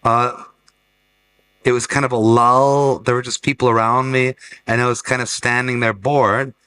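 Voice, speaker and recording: A man's voice: mid-range voice, little pitch movement, moderate pace, pushed and bright, clear, resonant tone, poor audio. A middle-aged man, a gallerist and fair director, telling rambling stories in a casual panel talk and restarting his sentences often. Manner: rambling anecdotal storyteller with many restarts.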